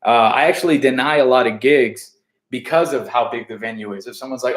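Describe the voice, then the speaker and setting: Speaking at a normal speed with medium pitch, a US stand-up comedian gives a casual backstage interview in an echoey room. He swears, rambles and keeps starting his sentences over.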